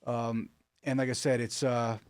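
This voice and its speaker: A man telling stories in a casual, animated way, with many fillers and restarts, recorded in a studio. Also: mid-range voice, measured pace, clean tone. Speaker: rug artist guest. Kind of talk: casual storytelling.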